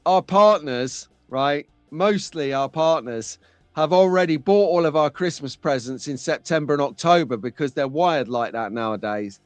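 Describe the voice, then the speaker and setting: A man's voice: on the high side, moderate pace, dry recording, faint music behind. A man hosting a casual live stream, chatting and bantering with viewers in the chat. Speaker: livestream host.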